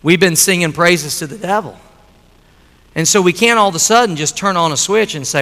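A man preaching a sermon in a high, bright voice. He moves between easy storytelling and loud, emphatic appeals. The sound carries a long reverb, as in a church hall. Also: brisk.

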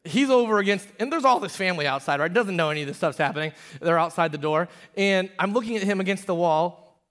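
Guy in his 30s preaching, kinda high voice, goes big and loud then real quiet. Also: fast. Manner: storytelling, swings from loud emphatic peaks to quiet hushed confession. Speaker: pastor. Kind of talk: sermon.

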